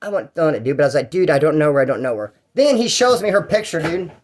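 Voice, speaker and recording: Fast-talking, profane storyteller man. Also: fairly high pitch, a little hiss or hum. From Bakersfield, California. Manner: rambling, profane, animated, acts out dialogue. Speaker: storyteller recounting prison life. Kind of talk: casual storytelling vlog.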